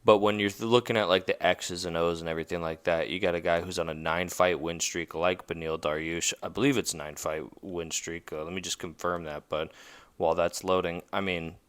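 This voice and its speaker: A man's voice: low voice, steady tone, fairly quick. A man hosting a podcast, talking casually and rambling through a fight preview with lots of fillers and self-corrections. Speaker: podcast host.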